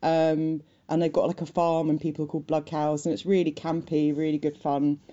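A woman co-hosting a casual film chat podcast makes chatty, wry remarks, swearing and doing quick mocking voices. Her deep voice is mellow and level in tone, and the highs in the audio are cut off.

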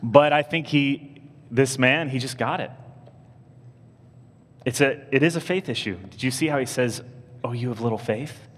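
A man, a priest, preaching a sermon in a casual, animated storytelling way, with his voice jumping up when he acts out other people. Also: mid-range voice, normal speed, pauses often, in a large hall. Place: church.

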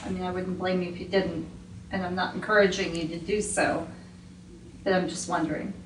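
A woman's voice: lowish voice, flat delivery, brisk. A middle-aged mother earnestly questioning her son on a home recording, often talking over him. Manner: earnest, probing, talks over others. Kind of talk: family conversation on a home recording. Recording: echoey room, far from the mic, noisy.

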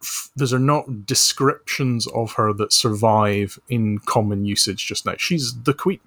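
A man speaking as a podcast guest over a remote call, chatting in a dry, deadpan, mock-serious way. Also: fairly low pitch, measured pace. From Scotland. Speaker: podcast guest, author and social researcher. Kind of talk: casual comedic chat.

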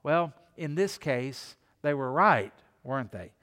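A man preaching a sermon as pastor, expressive, repeating phrases and dropping his voice low and soft to stress a point. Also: slow, smooth. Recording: long reverb of a large hall.

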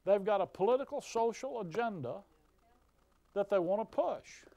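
A man's voice: high-pitched, expressive, moderate pace, gravelly, dark tone, no echo. A man preaching a fiery sermon, folksy and emphatic, with mocking asides.

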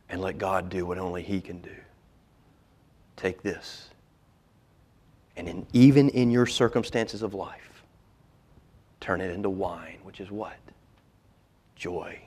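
Man preaching, loud swings to hushed whispers. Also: lowish voice. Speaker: pastor. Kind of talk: sermon.

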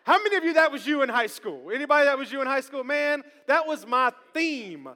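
Man, pastor's sermon, lively call-and-response, long church-hall echo. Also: very high-pitched, fairly quick. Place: church sanctuary.

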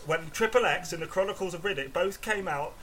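A man's voice: high voice, brisk, fairly bright tone. A man voicing a rambling, drug-addled male caller who pleads and apologizes, with crowd noise behind.

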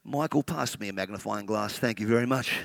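A man voicing God as a calm, puzzled, offhand almighty figure. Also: fairly low pitch, brisk, creaky, no room sound, pitched below the performer's own voice. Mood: bemused. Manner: casual, slightly puzzled, offhand. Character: bemused almighty male God, calm and unhurried.

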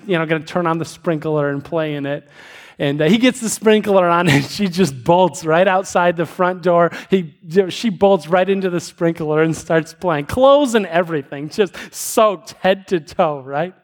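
A man preaching a sermon, telling a story with many restarts and slowing down for emphasis. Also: high voice. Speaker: pastor.

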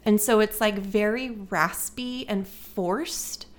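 A woman's voice: mid-range voice, takes it slowly. A woman co-hosting a casual podcast, telling a story in a loose, chatty way with lots of fillers and frequent swearing. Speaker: podcast co-host. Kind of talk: casual chat, movie review.

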